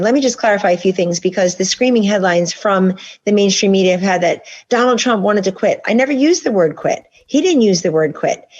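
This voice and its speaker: Woman interview guest, mid pitch, insistent long answers, slightly dull lo-fi sound. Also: slightly rough. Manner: talks in long, insistent runs of points. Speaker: guest author. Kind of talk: political interview.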